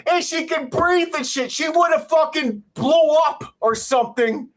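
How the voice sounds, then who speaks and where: A man's voice: very high-pitched, a little slow, a bit bright. A man hosting a podcast, giving a heated, profane rant reviewing a movie. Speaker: podcast host.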